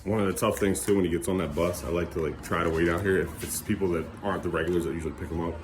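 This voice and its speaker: A man's voice: deep voice, steady tone, racing, background noise. A man talking casually to his young son as a father, playful and coaxing, teasing him now and then.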